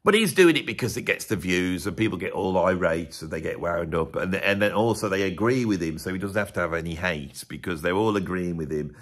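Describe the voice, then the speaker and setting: Middle-aged English vlogger, husky, sarcastic, rambling commentary. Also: male voice, low-pitched, expressive, a little fast, few pauses. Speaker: music YouTuber. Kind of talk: casual commentary vlog.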